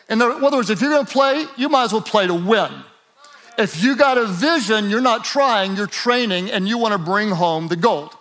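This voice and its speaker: A man preaching a sermon as a pastor, moving from relaxed joking asides to rising, emphatic exhortation, and asking listeners to repeat lines aloud. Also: sits high, normal speed.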